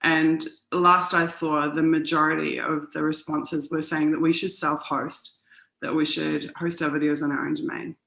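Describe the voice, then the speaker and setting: A woman co-hosting a casual livestream and explaining things in a quick, chatty way. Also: low voice, little pitch movement, creaky, fairly bright tone, reverberant, poor audio. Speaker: co-host.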